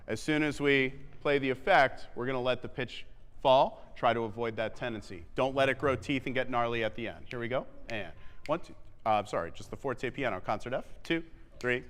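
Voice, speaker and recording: A man coaching a wind band in rehearsal, briskly counting off and singing the rhythms to show them. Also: medium pitch, fairly even intonation, fairly bright tone. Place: theatre stage. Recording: long theatre reverb with faint band.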